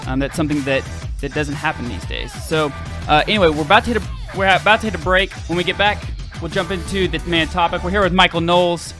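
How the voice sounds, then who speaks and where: A man's voice: fairly high pitch, fast talker, over music. A man co-hosting a talk podcast, chatting casually and eagerly. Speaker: podcast co-host. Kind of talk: casual chat.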